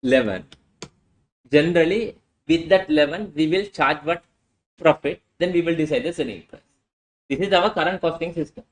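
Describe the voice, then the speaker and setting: A man's voice: on the high side, normal speed, long pauses, rough recording. A male lecturer teaching a class, often asking "what?" and answering himself. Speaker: accounting lecturer.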